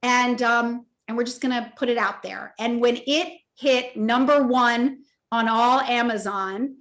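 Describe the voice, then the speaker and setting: A woman in her fifties, an author telling a personal story in an emotional, animated way at a virtual interview event, acting out the voices in her story. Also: a little high, measured pace. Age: 50s. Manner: animated, emotional, acts out quoted dialogue. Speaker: author and toy company co-founder. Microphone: video call.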